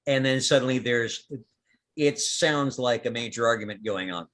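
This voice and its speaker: A man as storyteller, narrating a tabletop role-playing game in a lively, descriptive way. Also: mid-range voice, normal speed.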